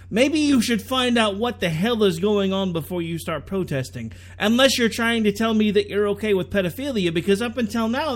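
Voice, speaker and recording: A man hosting a podcast, ranting with sarcasm in political commentary. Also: sits high. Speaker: podcast host.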